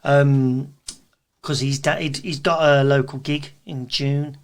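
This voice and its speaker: A man with a Birmingham accent, a guest event promoter chatting casually and telling animated stories, acting out quotes. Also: mid-range voice, slow pace. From England. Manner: animated storyteller, acts out quotes. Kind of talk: casual chat.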